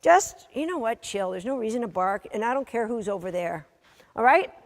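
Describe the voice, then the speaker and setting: A woman instructing a dog training class, giving brisk, matter-of-fact commands to a dog and its handler, sometimes teasing. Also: fairly high pitch, sing-song. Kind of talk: coaching a live training session. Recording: long reverb of a large hall.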